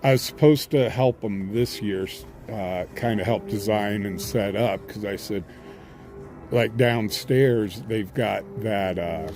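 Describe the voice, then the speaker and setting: Man, fairly low voice, rambling casual chat, lots of uh's and restarts, live stream outdoors, faint background music. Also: slow pace, a little mellow. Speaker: independent scanner-chasing reporter. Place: outdoors at a haunted house attraction. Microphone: handheld phone camera.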